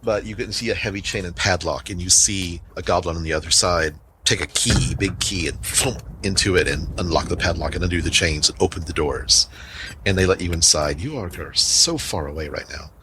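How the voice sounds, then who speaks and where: A man's voice: low voice, a little fast, slight background noise. A man running a tabletop game as game master, describing scenes in a rambling way with many fillers.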